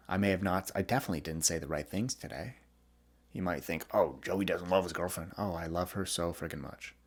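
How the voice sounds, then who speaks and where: Deep-voiced young guy on his podcast, talking openly, lots of restarts. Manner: candid, vulnerable, halting with restarts. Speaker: podcast host. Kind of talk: personal reflective monologue.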